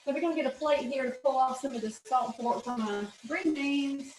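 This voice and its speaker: A woman's voice: high-pitched, fairly quick, darkish tone, echoey room, slight background noise, poor audio. A woman with a Southern US accent, hosting a cooking channel from her home kitchen, folksy and opinionated as she chats through a recipe. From American South. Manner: chatty, folksy and opinionated, says "y'all". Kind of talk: casual cooking demonstration.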